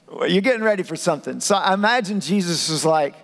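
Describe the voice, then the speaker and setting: A man's voice: sits high, animated, fairly quick, few pauses. A male pastor preaching a sermon in a humorous, conversational way, acting out the scenes he retells. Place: church auditorium. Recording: echoey church hall.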